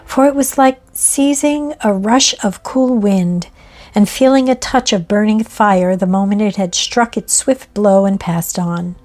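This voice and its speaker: A woman reading a ghost story aloud in a measured, expressive way. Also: medium pitch. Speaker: narrator. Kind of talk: scripted ghost story narration.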